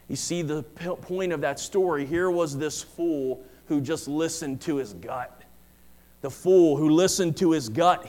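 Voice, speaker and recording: A middle-aged male pastor delivering a sermon. His voice sits high for a man, and he drives points home by repeating them with rising emphasis. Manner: emphatic preaching with repetition.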